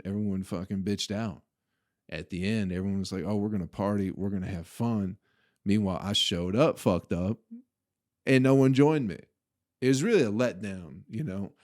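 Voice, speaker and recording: A young man hosting a podcast, casually telling a profane, laughing story about a party. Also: fairly low pitch. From Flint, Michigan. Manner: profane, laughing, animated retelling. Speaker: podcast host.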